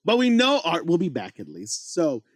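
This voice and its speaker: A man co-hosting a horror podcast in casual chat, animated and laughing often. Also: a little high, moderate pace, no echo, clean studio sound. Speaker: podcast co-host.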